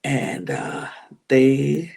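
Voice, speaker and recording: A woman hosting a podcast, recapping a reality show in a chatty, animated way with many restarts. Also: a bass voice, drawn-out words, gravelly, slightly rough.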